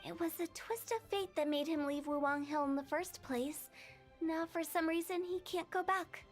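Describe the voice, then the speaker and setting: A cocky young undertaker; very high, teasing. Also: female voice, normal speed. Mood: playful. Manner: teasing and self-assured. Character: cheeky young female funeral director, playful and bossy. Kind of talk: video game dialogue. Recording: game audio with faint music.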